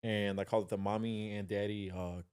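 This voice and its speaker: A man's voice: on the low side, little pitch movement, a little fast, darkish tone, clean tone. A man from Chicago, a guest on a podcast, talking in a laid-back, rambling way. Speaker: podcast guest, video editor. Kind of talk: casual podcast chat.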